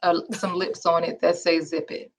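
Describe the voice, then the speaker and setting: A woman's voice: lowish voice, level tone, moderate pace, very noisy. A woman co-hosting a casual chat, playful and teasing, with lots of laughter. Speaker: podcast co-host. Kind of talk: casual chat reviewing a reality show.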